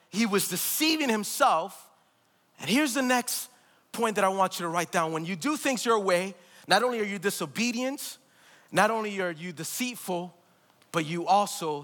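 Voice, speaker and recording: Guy preaching in a church, really high tense voice, long echo off the hall. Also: fairly bright tone. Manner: emphatic, repetitive preaching with call-outs to the congregation. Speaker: pastor. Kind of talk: live church sermon. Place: church sanctuary.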